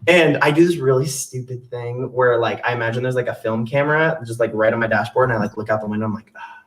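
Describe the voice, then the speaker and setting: A man's voice: mid-range voice, quick pace, distant mic, a little hiss or hum. A young man telling a funny personal story on stage in a chatty, self-mocking way. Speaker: solo stage performer. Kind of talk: storytelling monologue with songs.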